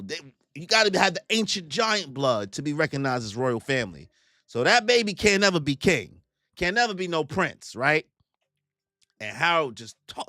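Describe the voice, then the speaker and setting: A young man reacts live to a new manga chapter, full of jokes and slang and quick to act out the characters. His voice is bright and sits fairly high, and it swings widely in pitch. The sound is dry and close to the mic. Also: dry recording. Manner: joking, animated, slangy, acts out characters in put-on voices. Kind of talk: excited live reaction commentary.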